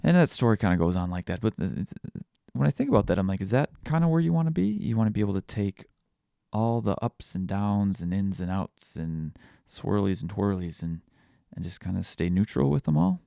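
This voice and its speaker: A man hosting a podcast, thinking out loud in a casual reflective monologue, searching for words with frequent restarts. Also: low-pitched, big pitch swings, moderate pace, vocal fry, no room sound, studio quality. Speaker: podcast host.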